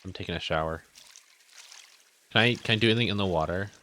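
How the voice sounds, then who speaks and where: A man streaming a video game live. He gives casual, excitable commentary full of sudden whoops and rambling self-corrections. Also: low-pitched, quick pace, a little hiss or hum.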